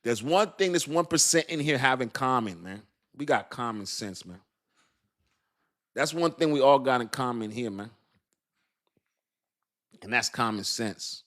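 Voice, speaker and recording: A man hosting a casual livestream, talking in an animated, slangy way, laughing often and calling out to his chat. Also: mid-range voice, a little slow, pauses often. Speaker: crypto livestream host.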